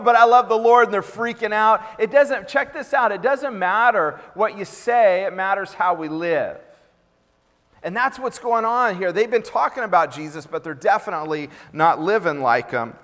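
In a reverberant hall, a man pastor with a high, slightly bright voice preaches a sermon. He's emphatic and repetitive, often acting out what others say.

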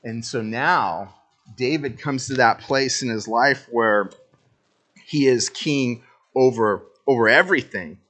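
A male pastor giving a conversational sermon, reading scripture aloud and then acting out his own impatience with lively, animated energy. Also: mid-range voice.

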